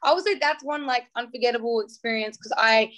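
A young Australian woman talking casually as an interview guest. Her voice sits a bit high, and she chats in a bubbly way, full of fillers, acting out little quotes as she goes. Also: a little fast, fairly bright tone. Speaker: singer guest.

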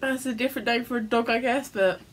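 A young woman vlogger chatting excitedly with a friend and making prank phone calls. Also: a little high, fast, poor audio. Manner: giggly, excitable between calls. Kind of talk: casual chat and prank call.

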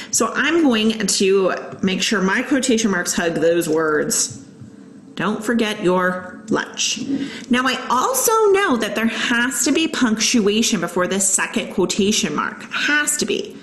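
Woman teacher, patient step-by-step explaining, lively pitch, echoey room, faint hiss. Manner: patient, explains step by step, reads example sentences aloud. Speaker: elementary school teacher. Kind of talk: recorded online lesson.

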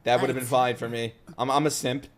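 A man hosting an anime reaction video, talking excitedly in profane, joking asides as he watches. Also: medium pitch, fairly quick, a crowd in the background. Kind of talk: live reaction commentary. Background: faint anime soundtrack.

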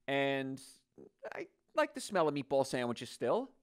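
An older man hosting a health talk show, telling stories in an animated, joking, folksy way. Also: mid-range voice, a little slow, clear, resonant tone.

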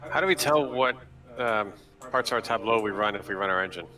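A man's voice: fairly low pitch, brisk, sharp tone, far from the mic, low-quality recording. A man who works as a teacher, playing a board game and muttering to himself as he reads the board. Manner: easygoing, mutters while reading the board. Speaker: teacher, guest player. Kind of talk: casual chat over a board game.

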